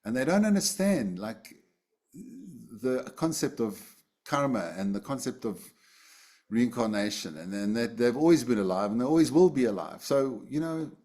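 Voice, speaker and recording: A man at a middle pitch leads a Buddhist class over a video call. His delivery is loose and chatty, full of little fillers and restarts. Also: moderate pace. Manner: relaxed, conversational, with many fillers and restarts. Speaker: Buddhist teacher. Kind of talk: online dharma class.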